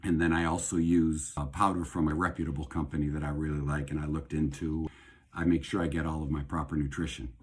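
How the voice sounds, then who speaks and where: A middle-aged male host speaks in a low, slightly breathy voice. His talk is casual and rambling, and he restates his ideas over and over as he goes. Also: flat delivery, fairly quick. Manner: rambling, conversational, repeats phrases for emphasis. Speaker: host and doctor. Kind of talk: casual talk on faith and health.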